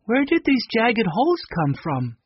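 A man's voice: very high voice, a little slow, muffled recording, slight background noise, pitched above the performer's own voice, exaggerated voice. A man reading a storybook, voicing an eager young boy full of questions. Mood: curious. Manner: excited, questioning.

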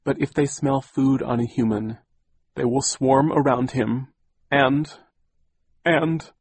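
A man's voice: on the low side, measured pace, a little mellow, slightly rough, no room sound. A man voicing a fussy, anxious older widowed aunt who gets teary and speaks very properly, in an audiobook reading. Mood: fretful.

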